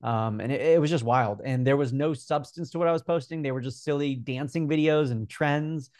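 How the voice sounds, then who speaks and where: A man's voice: mid-range voice, brisk, no room sound. Earnest young man, dry close sound. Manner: energetic, earnest, many fillers. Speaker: guest, Instagram growth coach. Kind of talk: casual interview talk.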